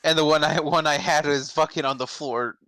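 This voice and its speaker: A man's voice: fairly high pitch, fairly even intonation, fairly quick, a bit bright, no echo. A man chatting casually with friends while they voice a game, joking, swearing and laughing a lot. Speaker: streamer voicing a game.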